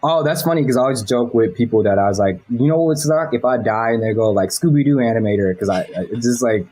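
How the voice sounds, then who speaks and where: A man from Los Angeles, a guest in an interview, talking in a relaxed, rambling way with frequent swearing and laughter. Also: medium pitch, quick pace, low-quality recording. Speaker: guest, animation director. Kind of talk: casual interview chat.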